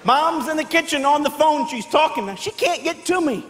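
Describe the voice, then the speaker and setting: Guy doing stand-up, really high voice, big echoey hall, animated storyteller. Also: normal speed. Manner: animated storytelling, acting out family members in loud barked voices. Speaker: stand-up comedian. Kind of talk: stand-up comedy on stage. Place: large hall with live audience. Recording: echoey hall with faint background noise.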